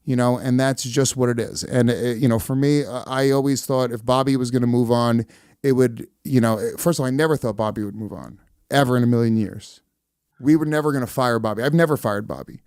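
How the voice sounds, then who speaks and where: A man explaining defensively on a podcast, repeating himself with halting restarts. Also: medium pitch, a little mellow, smooth, no room sound, studio quality. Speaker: podcast host.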